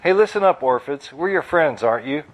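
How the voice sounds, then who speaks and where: A man's voice: fairly high pitch, animated, a little fast, a little hiss or hum, lightly acted, poor audio. A man reading aloud, voicing a glib, salesy man who talks up his scheme. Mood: breezy. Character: brash man unleashing nanotech, glib. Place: live bookstore reading.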